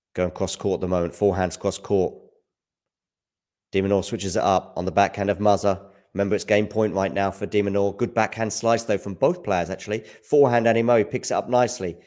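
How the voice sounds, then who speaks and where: Chatty man commentating tennis live. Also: deep voice. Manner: chatty, answers viewers' chat by name, gets loud at big points. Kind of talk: casual live commentary reading chat. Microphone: handheld mic at times.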